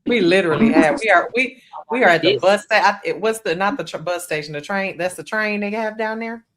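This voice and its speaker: A woman's voice: medium pitch, fairly quick, a little hiss or hum. A woman co-hosting a casual podcast panel, reading viewer messages aloud in a loose, chatty way that often trails off mid-sentence. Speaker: podcast co-host.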